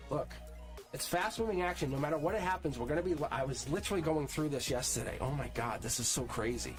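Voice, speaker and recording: A man's voice: fairly high pitch, fast. A man hosting a live tarot reading stream, talking casually and upbeat to viewers in the chat and laughing often. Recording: music playing underneath. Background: music playing.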